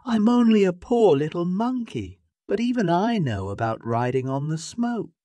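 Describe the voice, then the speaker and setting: A man's voice: high voice, very animated, moderate pace, dark tone, no echo, pitched above the performer's own voice. A man reading a graded-reader story, voicing a small, clever female monkey in a teasing, singsong voice. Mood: mocking.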